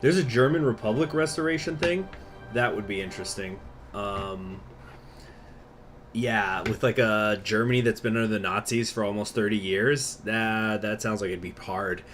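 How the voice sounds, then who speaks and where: A man's voice: on the low side, moderate pace, a bit bright, soft background music. A man hosting a gaming channel, chatting casually and getting sidetracked while he plays. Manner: easily distracted, chatty, many fillers. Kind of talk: casual gameplay commentary.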